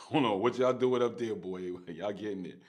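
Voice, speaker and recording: New guy in his 40s, slangy and animated, kinda low voice, laughs a lot. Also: normal speed. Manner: animated, laughs often, slangy street talk. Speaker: storyteller. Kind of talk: casual storytelling.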